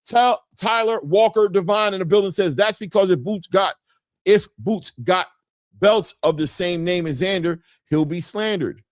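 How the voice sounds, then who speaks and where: Animated man hosting a boxing stream. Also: moderate pace, no room sound. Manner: reads viewer chat aloud, tags lines with "man"; animated, jumps in pitch when greeting viewers. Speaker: boxing show host. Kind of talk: casual live-stream chat.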